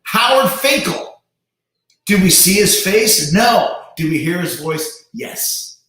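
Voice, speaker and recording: A man hosts a casual livestream chat from a very echoey room, talking animatedly and restarting quickly. He imitates voices with big jumps in pitch.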